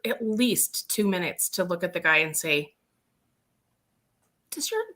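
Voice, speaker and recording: A woman co-hosting a casual chat, telling lively stories about her readings and acting out the quotes. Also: fairly low pitch, normal speed. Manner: lively storyteller who acts out quotes. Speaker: host and medium.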